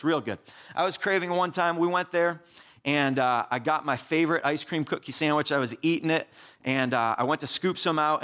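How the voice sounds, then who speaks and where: A young man giving a casual, animated sermon, full of "like" and asides. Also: a little high. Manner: animated, filler-heavy, says "like" often.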